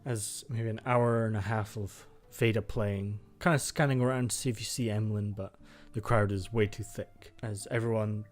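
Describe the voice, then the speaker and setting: A man's voice: fairly low pitch, fairly even intonation, normal speed, few pauses. A man narrating as game master, loose and full of fillers.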